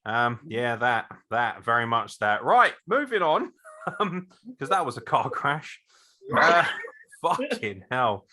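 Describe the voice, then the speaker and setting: A man co-hosting a wrestling podcast, talking in a sweary, excitable way and laughing often. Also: mid-range voice, slow pace. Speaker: podcast co-host. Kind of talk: casual chat.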